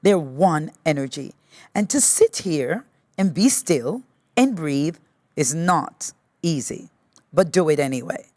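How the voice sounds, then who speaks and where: A woman teacher guiding a yoga class with patient, gently encouraging step-by-step cues. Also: low voice, big pitch swings, no echo. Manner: slow, patient step-by-step cueing. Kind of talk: guided yoga class instruction.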